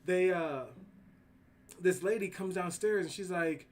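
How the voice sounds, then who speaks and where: Man, laid-back slang-heavy storyteller, curses a lot, slightly high-pitched voice. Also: measured pace. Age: adult with kids. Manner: profane, slangy, rambling anecdotes. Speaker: streamer. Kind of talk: casual storytelling while drawing.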